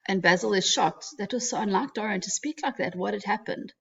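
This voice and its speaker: A woman's voice: mid-range voice, fairly quick, gravelly, breathy edge. A woman teaching a literature lesson, explaining casually with fillers and asides. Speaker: English teacher. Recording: dull lo-fi recording.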